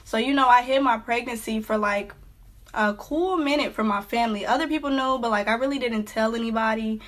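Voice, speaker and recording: Teen girl vlogger, slightly high voice, casual storytime chatter with lots of fillers. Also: a little fast. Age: teens.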